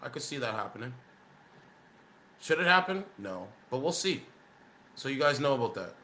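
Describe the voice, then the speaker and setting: Blunt scoffing male commentator, bright tone. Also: medium pitch, sing-song, moderate pace, slight background noise. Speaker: commentator reacting to clips. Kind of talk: casual political commentary.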